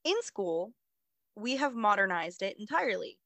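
A woman's voice: medium pitch, very animated, moderate pace, sharp tone, no room sound, poor audio. A young woman, a student, retells a staged story in a chatty way. She sounds dry and close. Her voice sits at an average height. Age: young adult. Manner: chatty storytelling, acts out lines with fillers like "like". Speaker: university student, co-host. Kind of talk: casual chat.

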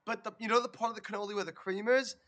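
A man with a strikingly high voice chats on his podcast, spinning a loud, foul-mouthed story with lots of energy. His voice sounds close and dry, with no room around it. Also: rapid-fire, no room sound. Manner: animated, profane storytelling. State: recovering from a lost voice. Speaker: podcast co-host. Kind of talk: casual chat.

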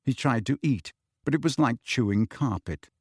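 A man narrating an audiobook in an expressive, lively reading. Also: medium pitch, moderate pace, husky, no echo, studio quality.

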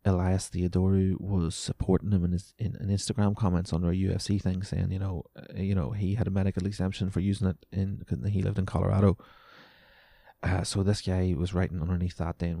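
A man's voice: low voice, level tone, brisk, creaky, mellow, no room sound. A man hosting a casual solo podcast, sweary and sarcastic, his voice wearing out. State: voice going. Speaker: podcast host.

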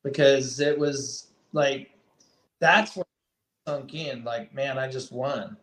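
A man's voice: mid-range voice, takes it slowly, fairly bright tone. Laid-back man telling stories in an echoey room. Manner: laid-back storytelling, swears freely. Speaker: racer guest. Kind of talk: casual podcast chat.

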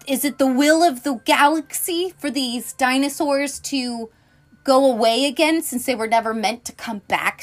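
Foul-mouthed, animated woman recapping films. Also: a little high. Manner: profane, animated storytelling; rambling, self-interrupting. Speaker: podcast host. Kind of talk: casual film recap.

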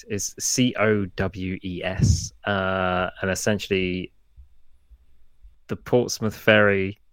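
A man's voice: deep voice, vocal fry, fairly bright tone, dry recording. A laid-back man co-hosting a podcast, wry and easygoing, laughing often. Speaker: podcast co-host. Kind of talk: casual podcast chat.

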